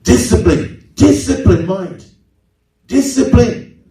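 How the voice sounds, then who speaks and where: A man preaching a sermon as pastor, swinging his pitch sharply and mimicking congregants. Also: expressive, takes it slowly, dark tone. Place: large church hall. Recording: echoey hall, mic at a distance.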